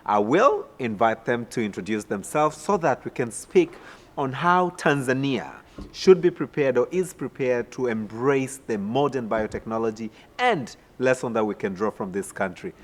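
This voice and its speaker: A man hosts an interview program and puts his questions in a formal way, pausing here and there. A long reverb trails after his words. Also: medium pitch, expressive. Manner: formal, with pauses and fillers. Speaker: program host. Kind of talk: interview hosting.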